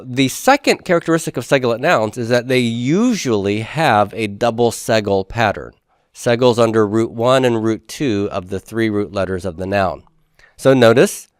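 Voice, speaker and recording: A man's voice: mid-range voice, animated, normal speed, dry recording, clean studio sound. A man teaching a Hebrew grammar class, explaining step by step and putting questions to the class before answering them himself. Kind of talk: classroom lecture.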